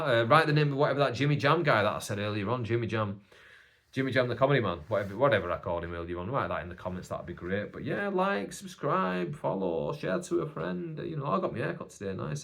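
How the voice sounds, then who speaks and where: A young man talks through a casual solo podcast at a middle pitch. He is animated and chatty, and he slips into raised mocking voices when he quotes critics. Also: vocal fry. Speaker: podcast host and stand-up comedian.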